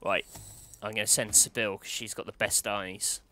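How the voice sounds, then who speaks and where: A man co-hosting a let's play, chatting casually and playfully, with jokey bursts of mock excitement. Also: on the low side, moderate pace, a little hiss or hum. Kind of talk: casual gameplay chat.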